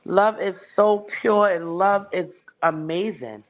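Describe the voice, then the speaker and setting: A woman hosts a livestream for a casual chat, speaking slowly in a lowish voice. She's blunt and emphatic, swearing heavily throughout.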